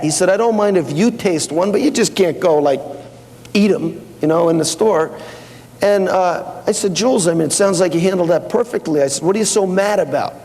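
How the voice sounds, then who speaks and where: A man's voice: sits high, a little fast, darkish tone. A man speaking at a company seminar, telling anecdotes and quoting back-and-forth dialogue in a casual way. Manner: conversational, with fillers and restarts. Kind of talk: anecdotal business talk. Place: seminar hall with audience. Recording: long hall reverb.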